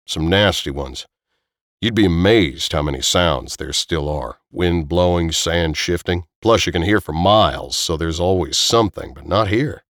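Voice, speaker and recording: A man voicing a calm, seasoned man in an audiobook, steady and explaining. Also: low-pitched, unhurried, no echo, clean studio sound. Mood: knowing. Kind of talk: audiobook character voice.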